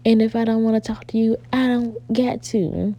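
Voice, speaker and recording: A young woman vlogger telling a story in a casual chat, animated and exasperated, often calling her viewers "y'all". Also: on the high side, moderate pace.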